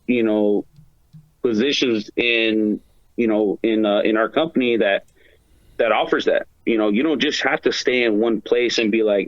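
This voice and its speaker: A laid-back man talks casually as a podcast guest, filling his speech with "dude" and "you know". His voice has a middling pitch. The recording sounds dull and lo-fi, and it is dry, with no room echo. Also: moderate pace. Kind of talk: casual chat.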